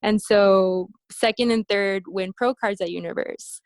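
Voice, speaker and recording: A woman telling stories from her competition days in a casual interview, acting out quoted voices with animated high-pitched bursts. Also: a little slow, clean tone, no room sound. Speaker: interview guest, bikini competitor. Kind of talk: casual storytelling.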